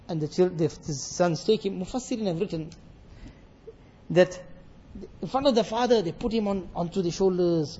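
A man giving a sermon on a Quran passage, reciting verses and explaining them with lively acted dialogue. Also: sits high, husky, muffled recording. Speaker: Islamic scholar teaching Quran commentary.

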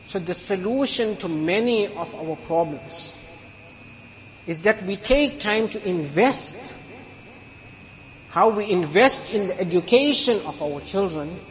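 A man's voice: high voice, fairly bright tone. A man delivering an emphatic sermon in a mosque, illustrating his points with humorous stories. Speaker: preacher. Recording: long hall reverb.

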